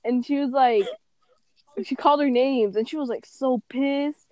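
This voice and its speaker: Chatty woman host, higher voice, giggly storyteller, dry close recording. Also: a little slow, darkish tone, no echo. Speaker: podcast host. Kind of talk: casual chat.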